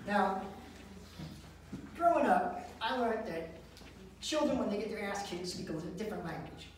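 Animated male comedian in an echoey room. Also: sits high, normal speed, slight background noise. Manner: animated storytelling with voices. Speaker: stand-up comedian. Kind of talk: stand-up comedy set. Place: live comedy venue. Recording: echoey room, distant mic.

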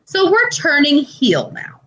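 A woman co-hosting a casual podcast, telling an animated story peppered with swearing and filler words. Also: sits high, measured pace, rough recording. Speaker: podcast co-host. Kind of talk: casual chat.

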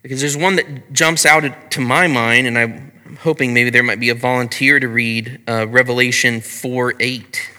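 A man teaching a Bible study in a conversational way, asking his listeners questions and often clearing his throat. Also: medium pitch, fairly even intonation, moderate pace, bright, forceful tone, in a large hall.

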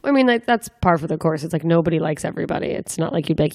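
A woman's voice: low voice, animated, quick pace, creaky, darkish tone, no room sound, clean studio sound. A young woman interviewing a guest in a casual, joking way, full of rambling asides.

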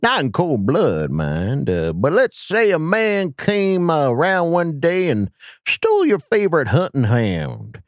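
A man's voice: on the high side, wildly swooping pitch, dry recording, clean studio sound, voice pushed up. A man doing a creepy old-time storyteller. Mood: ominous drawl. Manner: slow, ominous, folksy drawl. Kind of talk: dramatic reading.

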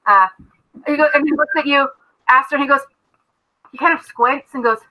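A woman's voice: high voice, moderate pace, pushed and bright, rough recording. A woman narrating a tabletop game as game master, chatty, with many fillers and restarts.

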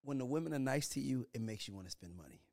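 A man's voice: medium pitch, lively intonation, quick pace, gravelly, darkish tone. A man who grew up in Atlanta, hosting a casual podcast and animatedly acting out quoted exchanges. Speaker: podcast host. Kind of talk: casual chat.

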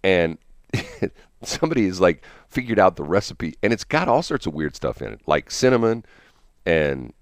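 Man, radio host, very deep voice, casual rambling morning chat, chuckles, dry sound. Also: sing-song, moderate pace, dry recording. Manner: rambling, chuckling, many restarts.

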